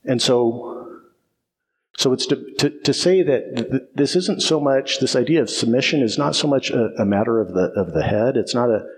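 A man's voice: mid-range voice, moderate pace. A man preaching a sermon as pastor, emphatic and repetitive, often asking "right?" and restarting phrases.

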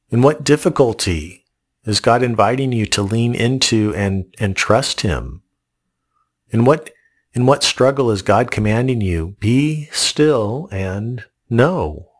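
A man preaching a sermon in an earnest, reflective way. His voice has a gravelly texture at a middling pitch, and he restarts phrases by repeating a word. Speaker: pastor.

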